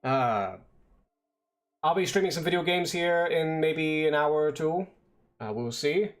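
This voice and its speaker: A man's voice: on the high side, expressive, unhurried. A man on a casual stream, muttering and swearing at his code as he debugs, then explaining it step by step. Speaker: vtuber streamer. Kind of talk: casual coding stream talk.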